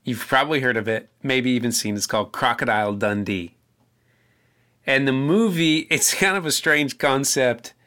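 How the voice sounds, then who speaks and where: A young male pastor with a bright, forward voice gives a sermon in a relaxed, conversational way. He tells a story with small restarts before he reads scripture aloud at an even, middle pitch. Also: normal speed.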